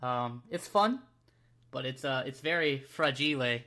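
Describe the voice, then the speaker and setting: A man's voice: mid-range voice, animated, unhurried, pushed and bright. A man with an American accent co-hosting a casual podcast, easygoing and self-deprecating, laughing often. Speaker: podcast co-host.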